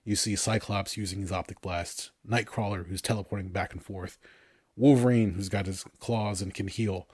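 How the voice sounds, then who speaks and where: A man in his thirties chatting on a podcast, telling animated stories about cartoons he loved and laughing often. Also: lowish voice, moderate pace, slightly rough, dry recording. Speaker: podcast co-host. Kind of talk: casual podcast chat.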